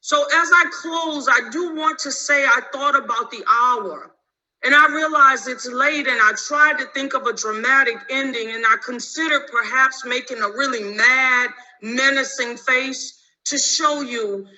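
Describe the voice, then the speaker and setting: A woman delivers a formal lecture at an unhurried, measured pace. Her voice sits high and very bright. She leans hard on key words with deliberate, oratorical emphasis. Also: poor audio. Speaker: law lecturer.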